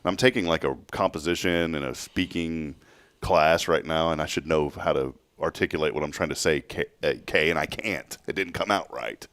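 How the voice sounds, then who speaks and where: A deep-voiced man hosts a morning chat show, joking and rambling as he restarts his sentences. The sound is dry and close. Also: moderate pace, a bit bright, no echo. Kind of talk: casual chat.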